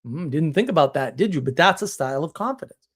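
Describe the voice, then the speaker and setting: A man with a somewhat high voice talks fast and animatedly while hosting a live stream. He's blunt and emphatic, occasionally imitating other people as he tells his stories.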